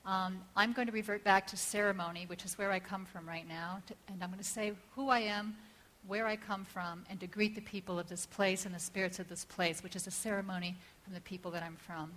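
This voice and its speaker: A woman speaking at a seminar in a measured, ceremonial manner. Her voice sits at an ordinary middle pitch. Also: fairly even intonation, a bit bright, low-quality recording. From Northeastern North America. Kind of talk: prepared talk.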